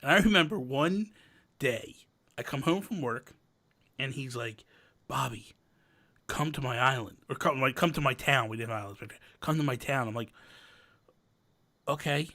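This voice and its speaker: Speaking at a moderate pace with long pauses, a thirtysomething man hosts a podcast in a mid-range voice. He keeps things casual, an animated storyteller who performs the quotes in his anecdotes.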